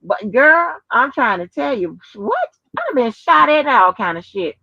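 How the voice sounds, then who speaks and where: A woman's voice: fairly high pitch, big pitch swings, unhurried, gravelly, dry recording, lo-fi sound. A woman chatting casually and bluntly on a livestream, full of slang and swearing. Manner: brash, slangy, swears freely. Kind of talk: casual chat.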